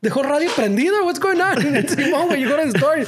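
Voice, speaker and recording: A woman's voice: sits high, expressive, quick pace. Woman, playful teasing, casual chat with light background noise. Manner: teasing, profane, laughing, switches languages.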